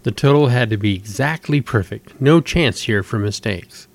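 A man's voice: mid-range voice, animated, moderate pace. Man reading a story aloud. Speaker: host.

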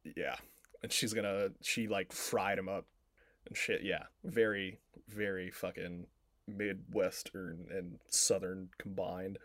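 A man's voice: sits low, steady tone, slow pace, fairly bright tone, no echo, studio quality. A man co-hosting a podcast, casually retelling a film plot in a rambling way, full of filler words and swearing. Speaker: podcast co-host.

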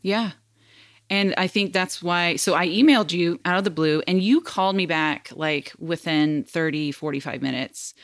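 A woman's voice: on the low side, moderate pace, no echo. A woman co-hosting a podcast interview, speaking earnestly and heartfelt, close to tears. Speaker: podcast co-host.

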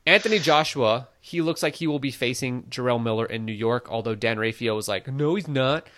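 A man's voice: mid-range voice, brisk, background noise. Opinionated man chatting about boxing. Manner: opinionated, animated, frequent "like" fillers. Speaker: boxing podcast co-host. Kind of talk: casual conversational commentary.

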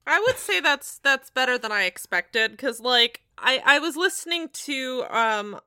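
A woman's voice: sits high, expressive, a little slow, pushed and bright, smooth. A young woman, a player in a tabletop game podcast, chatting bluntly and jokingly and swearing freely. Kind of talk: casual chat.

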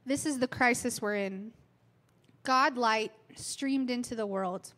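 A woman in her thirties preaching a sermon, telling candid self-mocking stories with fillers, clearing her throat from a cold. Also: on the high side, fairly bright tone.

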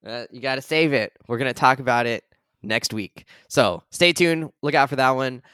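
A man's voice: medium pitch, moderate pace, clear, resonant tone, dry recording, studio quality. A man in his thirties co-hosting a podcast, chatting casually and laughing often. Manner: laughs often, relaxed rambling. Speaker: podcast co-host. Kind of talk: casual chat.

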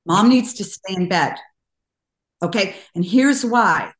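An older woman speaking as a guest in an interview, telling stories earnestly and getting animated when she quotes people. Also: medium pitch, slow. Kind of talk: conversational interview. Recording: roomy echo.

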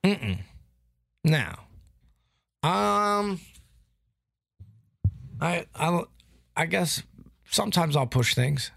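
Man, podcast co-host, gravelly voice, swears a lot, dry close sound. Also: a little high, extremely slow, long pauses, no room sound. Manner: profane, animated storytelling. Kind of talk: casual chat.

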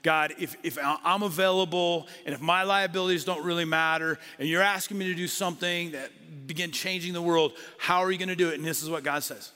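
A middle-aged man, a pastor preaching a sermon, who moves between lively talk and hushed whispers for emphasis. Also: fairly high pitch, a little fast, hardly any pauses, clean tone. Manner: dynamic, drops to a whisper for emphasis. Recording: long hall reverb.

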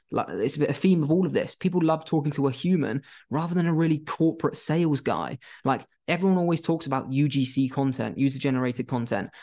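A young man gives casual business advice as an agency owner, talking bluntly and swearing freely. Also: fairly high pitch. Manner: blunt and animated, acts out phone calls, swears casually.

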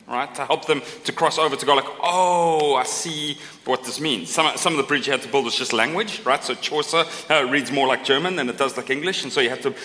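Brisk and barely pausing, a middle-aged pastor's mid-range voice comes across bright and forceful as he delivers a conversational, joking sermon. He frequently tags lines with "right?", uses self-deprecating humour and turns aside to the congregation, all in a long, reverberant hall.

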